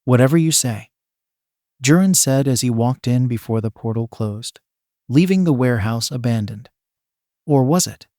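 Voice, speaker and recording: A man reads a fan fiction story aloud in a plain, even voice. His pitch sits in the middle range. The recording is dry and close to the mic. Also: moderate pace, dry recording. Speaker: narrator.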